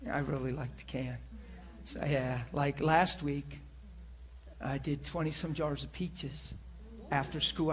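A middle-aged male pastor preaching from the pulpit, telling a story with a rambling, self-amused manner. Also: fairly high pitch. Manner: rambling, laughing at himself. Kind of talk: storytelling sermon. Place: church pulpit.

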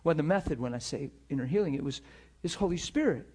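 A man preaching a sermon, telling stories in an animated, emphatic way and acting out the people he quotes. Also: fairly high pitch, fast, slightly rough. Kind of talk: sermon storytelling.

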